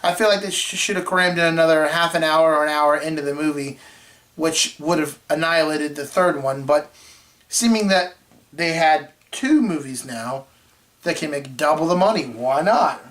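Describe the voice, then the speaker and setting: Rambling male movie-show host, throat-clearing. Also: fairly high pitch, moderate pace, a bit bright. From Florida. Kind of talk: casual chat.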